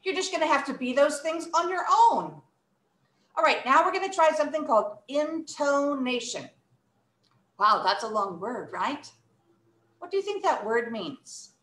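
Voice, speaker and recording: A woman's voice: sits high, sing-song, normal speed, a bit bright, roomy sound. A woman teaching an English workshop, speaking expressively and acting out emotions and word stress. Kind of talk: online English lesson for children.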